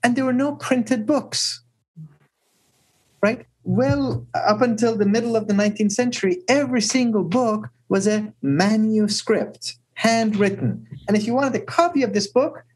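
A man with a husky voice, a guest speaker telling stories and often asking "right?". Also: high voice, normal speed, poor audio. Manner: animated storyteller who often asks "right?". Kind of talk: storytelling talk.

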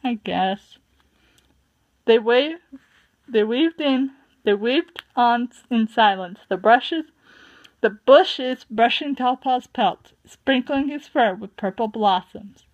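A woman reads a storybook chapter aloud at a slow, careful pace, often tripping over words and correcting herself. Her voice sits fairly high. The recording is dull and lo-fi. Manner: stumbling, self-correcting reading. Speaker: reader. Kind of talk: amateur audiobook reading. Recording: muffled lo-fi home recording.

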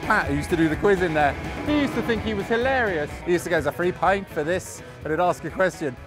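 Male host, higher voice, jokey walking-tour chat, music bed behind. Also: animated, fast. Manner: chatty, joking, bantering. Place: outdoors on city streets.

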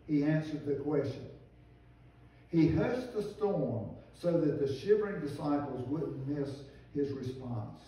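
A man's voice: a little high, dark tone, very echoey, slight background noise. A man preaching a sermon, earnest and pleading, recorded from a distance in a church sanctuary. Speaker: pastor.

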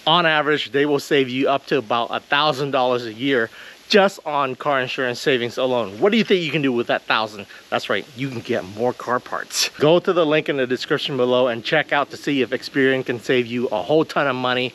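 A man hosting a casual car vlog with a slightly raspy voice, excitable and slangy, laughing often. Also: mid-range voice, a little fast. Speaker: car wrap shop owner and host. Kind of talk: casual vlog chat and sponsor read.

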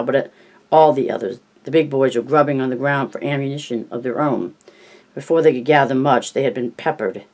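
Man narrating a novel, measured. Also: medium pitch, a little mellow, poor audio. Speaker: audiobook narrator.

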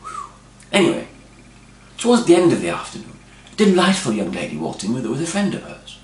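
A man's voice: mid-range voice, wildly swooping pitch, fairly quick, roomy sound, a little hiss or hum. A man telling a dry, rambling comic story. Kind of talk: comic monologue.

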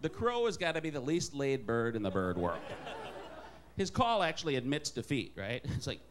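Wry stand-up comic with a lively voice. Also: male voice, normal speed, a little hiss or hum. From Wisconsin. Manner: wry, self-deprecating, jumps into high put-on voices for quoted characters. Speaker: stand-up comedian. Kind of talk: stand-up comedy set.

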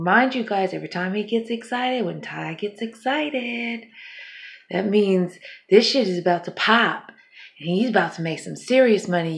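A woman's voice: lowish voice, creaky. A tired middle-aged woman who has been up all night, rambling in a casual home vlog, swearing a lot and laughing often. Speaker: vlogger.

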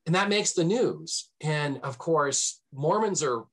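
A man with a husky, slightly rough voice tells history as a podcast guest. He speaks in a lively, storytelling way, jumping up in pitch to make a point, with plenty of ums and restarts. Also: slow. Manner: animated, swings pitch for emphasis; frequent fillers and restarts. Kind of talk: conversational storytelling.

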